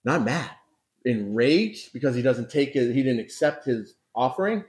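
Man, pastor, sermon, conversational, rhetorical questions, emphatic repetition, mid pitch. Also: sing-song, normal speed, darkish tone. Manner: conversational preaching, frequent rhetorical questions and "right?".

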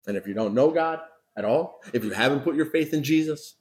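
A male pastor delivering a sermon in a conversational, direct way. He keeps asking his listeners questions and checks in with them often. He repeats key words for emphasis, at a mid-range pitch. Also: expressive, fairly quick, darkish tone. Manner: conversational preaching, frequent rhetorical questions and "right?"; emphatic repetition.

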